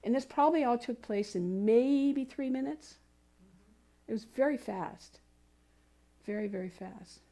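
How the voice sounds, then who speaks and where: Higher-voiced woman minister preaching. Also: a little slow, pauses often, mellow. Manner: conversational, telling personal stories; encouraging, speaks to the congregation. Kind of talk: sermon. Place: spiritual community center service.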